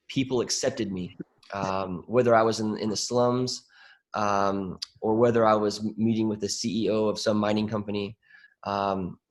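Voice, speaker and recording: A man moderating a group conversation on a video call, speaking in a reflective, hesitant way with many fillers. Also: on the low side. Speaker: discussion moderator.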